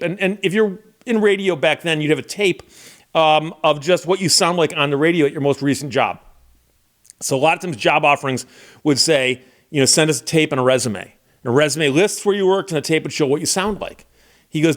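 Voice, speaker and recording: A man's voice: a little high, animated, brisk, fairly bright tone. A man hosting his channel, telling a personal story in a casual, conversational way and acting out the voices he quotes. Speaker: channel host.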